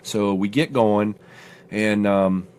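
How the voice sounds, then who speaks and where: A middle-aged man co-hosting a studio talk show, telling a long story in a casual, animated way and jumping high in pitch when he quotes himself. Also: takes it slowly, clear, resonant tone. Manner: animated storyteller, acts out his own quotes with rising pitch. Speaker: podcast co-host.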